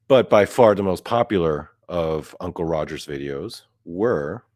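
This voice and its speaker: A young man ranting in a comedic podcast monologue, profane and climbing higher and louder whenever he gets outraged. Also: expressive, a little slow, no room sound, clean studio sound. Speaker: podcast host.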